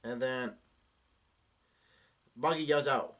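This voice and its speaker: A man's voice: mid-range voice, fairly even intonation, a little slow, long pauses, fairly bright tone. A young man doing a casual live reaction to a manga chapter, reading the dialogue aloud with many fillers and restarts.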